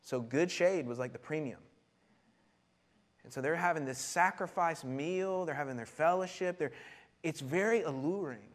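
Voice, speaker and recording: Pastor, man, conversational sermon delivery, animated, a touch high-pitched. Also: moderate pace. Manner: animated, laughs often, repeats words.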